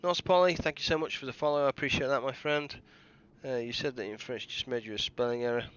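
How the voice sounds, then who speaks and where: A man's voice: medium pitch, steady tone, fast, a bit bright, smooth, highs cut off. A British man chatting casually while streaming a game live, rambling and often restarting his sentences. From Britain. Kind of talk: casual live gameplay chat.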